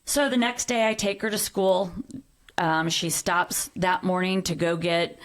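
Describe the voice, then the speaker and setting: A woman's voice: on the low side, fairly even intonation, measured pace. A middle-aged woman, a podcast guest, telling a personal story in earnest conversation and acting out the quoted dialogue.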